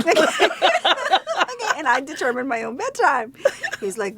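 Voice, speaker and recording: Animated woman telling family stories. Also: sits high, takes it slowly, a little hiss or hum. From Baltimore, USA. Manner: animated storyteller, laughs often. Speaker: talk show guest, actor. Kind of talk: casual chat.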